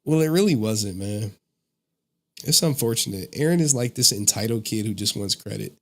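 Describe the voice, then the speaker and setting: Man, young adult, livestream host, casual slangy chat, laughs often, lowish voice. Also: expressive, moderate pace.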